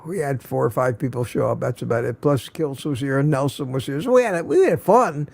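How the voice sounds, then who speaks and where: A tired older man hosting a live stream, chatting casually and haltingly with lots of restarts. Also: medium pitch, expressive, gravelly, darkish tone. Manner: halting, many restarts and fillers.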